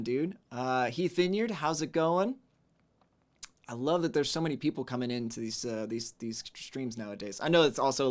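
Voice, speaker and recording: A man hosting a casual livestream, greeting viewers and reading chat messages aloud, relaxed and chatty, humming to himself between messages. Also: mid-range voice.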